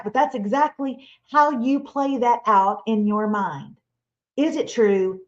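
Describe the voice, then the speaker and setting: A woman, giving a lively, playful motivational Christian talk as a webinar speaker. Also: a little high, slow. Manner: animated, playful, acts out imagined listeners and quotes. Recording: slightly dull, lo-fi webinar audio.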